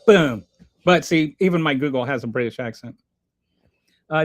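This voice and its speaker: A man hosting a casual livestream, reading chat aloud and commenting in a rambling, animated way with many restarts. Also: fairly high pitch, normal speed, long pauses.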